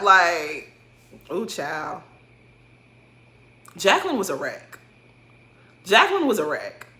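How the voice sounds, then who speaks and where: A woman's voice: on the low side, huge pitch swings, takes it slowly, long pauses, sharp tone. A woman giving a casual, blunt recap of a reality TV episode, swearing freely and full of slang. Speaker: recap host.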